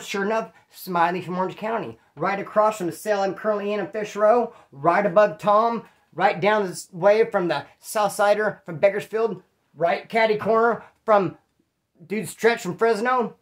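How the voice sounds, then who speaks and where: A man from California telling his own prison stories in a casual, profane, animated way and acting out what people said. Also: sits high. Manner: profane, animated, acts out quoted dialogue. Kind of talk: casual storytelling.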